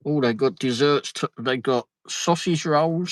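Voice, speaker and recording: Man, live-stream host, slow unhurried talk, dry close sound, casual chatter, mutters asides. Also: fairly high pitch, fairly even intonation, dry recording, low-quality recording. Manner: chatty, reads out viewer comments, muttering asides. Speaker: livestream host. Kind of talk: casual live chat while travelling. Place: in a vehicle on the road.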